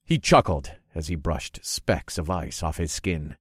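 A man narrating a story in the first person with a measured, dramatic delivery. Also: very deep voice, expressive, slightly rough, no room sound, clean studio sound.

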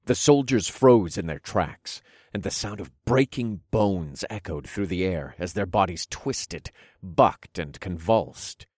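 Narrating a dark fantasy audiobook, a man with a very deep, husky voice tells the story dramatically and animatedly, taking his time. The sound is close and dry, free of any room sound.

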